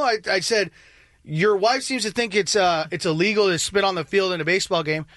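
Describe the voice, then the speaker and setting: Excitable high-voiced man telling a story. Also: normal speed, no echo. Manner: excitable, acts out quotes, swings to yelling. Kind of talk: casual storytelling banter.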